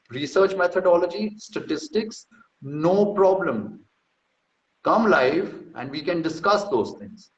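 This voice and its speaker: A man in casual talk reading through a research paper, brash and mocking, with profane boastful asides. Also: on the high side. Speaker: host. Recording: echoey room, slightly dull sound.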